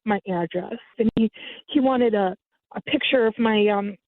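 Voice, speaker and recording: A woman telling the story of a scam in casual chat, animating it by mimicking others in a raised voice. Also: no echo. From United States. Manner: lively, mimics others with sudden high pitch jumps. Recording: tinny phone line, dry.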